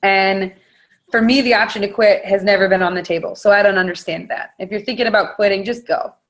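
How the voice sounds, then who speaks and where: A woman's voice: medium pitch, fairly even intonation, brisk. A woman on a video call, giving a blunt, frank and fired-up motivational talk as a network marketing leader.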